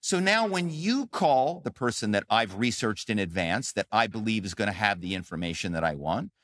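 A man's voice: on the low side, brisk, a bit bright, dry recording, studio quality. A man who is a guest author, telling stories in an interview with emphatic, dramatic delivery. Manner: emphatic, acts out calls with quoted voices. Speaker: guest, author and former actor. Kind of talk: animated interview storytelling.

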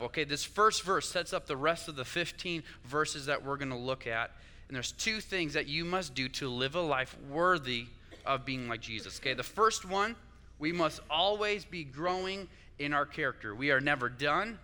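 A man's voice: on the high side, bright, forceful tone, in a large hall. A young man preaching a sermon, conversational and chatty, often asking his listeners "right?". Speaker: pastor.

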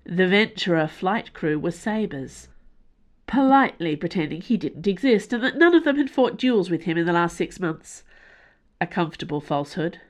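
A woman with a lowish voice narrating an audiobook. Her delivery is expressive and shifts with the action of the story. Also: normal speed.

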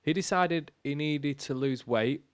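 A man's voice: a little high, a little slow, no room sound. A man co-hosting a casual chat podcast, enthusiastic and sweary, calling his friend "mate". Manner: matey, sweary, enthusiastic storytelling. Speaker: podcast co-host.

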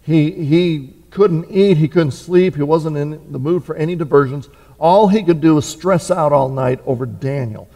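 A man's voice: on the high side, moderate pace, mellow. A man preaching a conversational sermon, full of fillers, restarts and rhetorical questions. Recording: reverberant hall.

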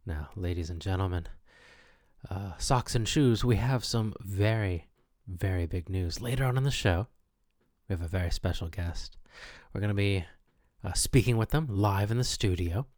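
A man hosting a comedic mock radio show with deadpan, pompous announcer patter. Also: deep voice, moderate pace, no room sound, clean studio sound. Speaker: host.

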